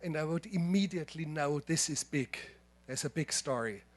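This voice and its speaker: An older man with a German accent tells stories from his working life to a lecture audience. His voice sits a little high, and he speaks in a measured, emphatic way, often restarting his sentences. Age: 70s. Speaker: filmmaker giving a masterclass. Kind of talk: lecture with anecdotes. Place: lecture hall.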